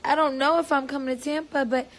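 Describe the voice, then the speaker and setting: A woman's voice: high voice, fairly even intonation, fast. A young woman chatting casually on a livestream, playful and rambling, with silly noises thrown in. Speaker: singer livestreaming on tour.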